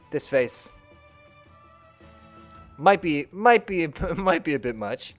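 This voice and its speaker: A man talks casually while he plays a game live, jumping around in pitch and hamming up the dialogue. His voice sits a little high. Faint game music runs underneath. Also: animated, slow pace. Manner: playful, reads game dialogue aloud in voices. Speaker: streamer.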